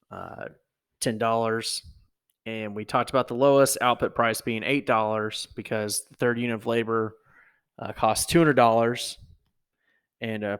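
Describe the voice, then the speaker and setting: A man teaching economics, talking through exam answers in a halting way, with many fillers and "okay?" checks. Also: mid-range voice, clear, resonant tone. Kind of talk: recorded lecture walkthrough.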